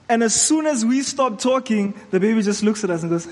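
Earnest high-voiced male preacher. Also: darkish tone, in a large hall. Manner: earnest, exhorting, measured. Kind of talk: sermon.

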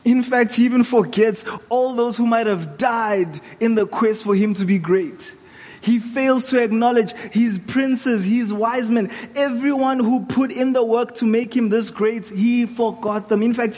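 Male preacher giving a sermon, high voice, earnest and urging, long hall echo. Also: a little mellow. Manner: earnest, exhorting, measured.

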